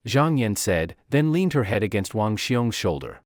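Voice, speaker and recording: A man's voice: on the low side, sing-song, moderate pace, no room sound, studio quality. A man narrating a comic story recap in a dramatic storytelling manner.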